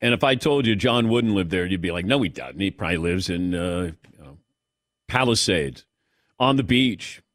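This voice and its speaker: A man from Southern Ohio hosting a sports radio show. His pitch swings widely as he chats, and he laughs and mimics voices often. The sound is dry and close. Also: expressive, moderate pace, fairly bright tone, dry recording. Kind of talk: casual chat.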